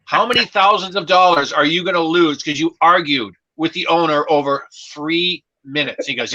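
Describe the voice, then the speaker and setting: A man's voice: on the high side, moderate pace, hardly any pauses, pushed and bright, dull audio. A man, a comedian guest, telling chatty stories in a casual conversation. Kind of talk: casual storytelling chat.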